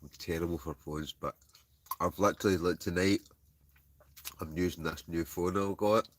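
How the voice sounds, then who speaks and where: A Scottish man with a low voice and fairly even intonation speaks at normal speed with no room sound. He's hosting a wild camping livestream from inside a heated tent with a stove, rambling, laughing often, and reading and answering live comments.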